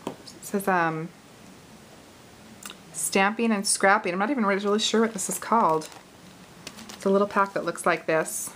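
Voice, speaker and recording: A woman's voice: mid-range voice, normal speed, pauses often, fairly bright tone, rough recording. Friendly craft host, woman in her forties, talks while she works, light laughs, slight hiss behind. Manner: chatty, laughs easily, thinks aloud while working. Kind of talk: casual card-making tutorial.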